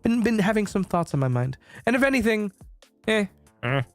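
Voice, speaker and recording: A man's voice: high voice, very animated, normal speed, dry recording, soft background music. A young man chatting casually on his stream, rambling and playful, swearing freely and laughing often. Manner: frequent laughter and restarts. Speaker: VTuber streamer.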